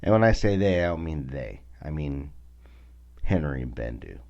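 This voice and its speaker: Deep-voiced Southern man ranting. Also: very animated, moderate pace, creaky, a little mellow, dull audio. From American South. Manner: blunt, profane, ranting. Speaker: podcast host. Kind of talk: casual solo rant.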